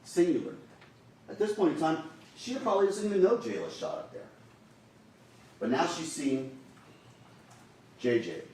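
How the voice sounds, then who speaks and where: A man presses his case to a jury in an emphatic, urgent tone, his pitch swinging widely as he stresses each point. He sounds set back from the microphone in a very reverberant courtroom. A faint hiss sits under the sound. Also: big pitch swings, normal speed, pauses often, mellow. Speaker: trial attorney. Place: large courtroom. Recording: very echoey courtroom audio from a distant mic with faint hiss.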